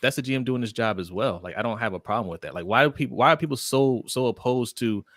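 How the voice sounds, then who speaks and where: An animated man arguing sports in casual chat, his pitch swinging up and down as he makes his point. His voice sits in the middle range and sounds dry and close, with no room around it. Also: no echo. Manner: animated, laughs often, quick agreement. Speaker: podcast co-host.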